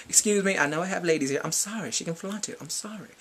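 A man giving a casual fan recap vlog, excitable and swinging between whispers and shrieks. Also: high-pitched, fast talker, breathy edge. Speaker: fan vlogger.

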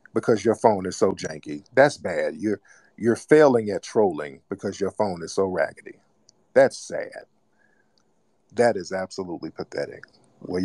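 Low-voiced man mocking a caller. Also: darkish tone, no room sound. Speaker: host of live call-in broadcast. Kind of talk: casual call-in radio talk.

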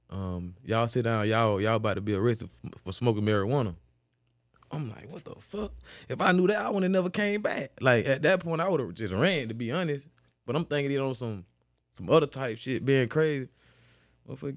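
A man tells a story in a loose, profane, animated way, marking each turn of events with a repeated beat word. His voice sits at a middle pitch. It comes through a close, dry podcast mic. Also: normal speed, no echo. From Florida. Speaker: guest, former football player. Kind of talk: casual storytelling interview.

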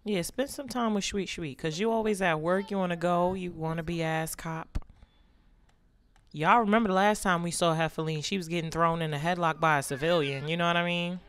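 A woman's voice: fairly low pitch, a little fast, clear, resonant tone. A woman hosting a life-simulation let's play, giving a sassy, joking running commentary on what the characters do. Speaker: gaming channel host.

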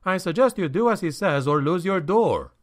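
A man's voice: sits high, animated, normal speed, voice pushed up. A man voicing a wary young male poet who speaks politely with dry irony. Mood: wry. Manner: polite, dryly ironic.

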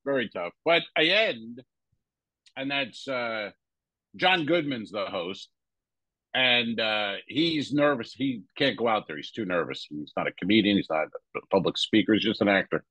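A stand-up comedian co-hosting a podcast, telling a rambling backstage anecdote full of crude jokes. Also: male voice, on the low side, animated, moderate pace, pushed and bright, no echo, rough recording. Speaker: podcast co-host. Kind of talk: casual storytelling.

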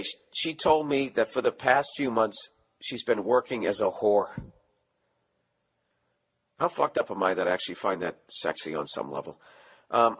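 A man's voice: medium pitch, fairly bright tone. A man hosts a casual comedy podcast and reads listener letters. He riffs on each one with profane, sarcastic jokes. His voice sits in the middle of the male range. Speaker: podcast host.

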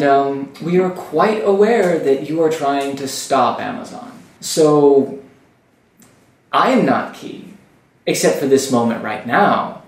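A man voicing a calm woman who leads a group of armed guards, speaking slowly and evenly. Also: mid-range voice. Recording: roomy room, distant mic.

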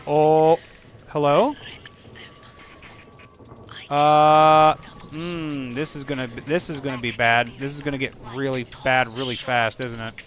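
A man giving casual let's-play commentary over a video game, excitable and profane, breaking into silly rhymes and sound effects. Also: mid-range voice, a little slow, long pauses, slight background noise. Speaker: gaming channel host.

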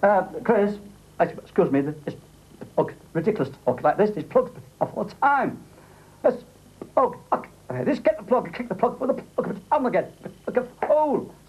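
Man, comedian, husky, swinging pitch, rambling and stammering. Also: very animated, normal speed, highs cut off. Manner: rambling, stammering, breaking off mid-word. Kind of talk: comic interview bit.

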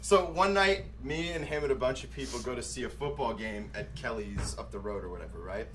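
A man's voice: mid-range voice, brisk, a bit bright, faint music behind. A man eagerly telling his own story in a casual chat among friends. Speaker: podcast co-host.

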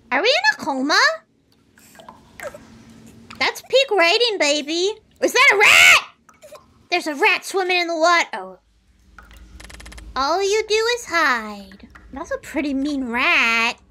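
A woman's voice: very high voice, animated, takes it slowly, long pauses, pushed and bright, slight background noise. A young adult woman streaming a horror game, joking and chattering chaotically at the screen in self-mocking live commentary.

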